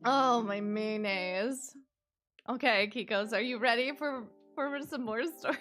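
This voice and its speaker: A young woman streamer chatting casually with her viewers, excitable and quick to squeal minced oaths. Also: a little high, soft background music. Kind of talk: casual live-stream chat.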